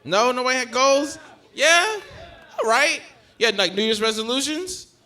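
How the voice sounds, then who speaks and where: A young man does stand-up crowd work in a long comedy club, speaking into a handheld stage mic. His voice sits high for a man and cuts through with a bright, forceful edge. He keeps a loose, profane back-and-forth going with the audience. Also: expressive, normal speed. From Georgia, USA.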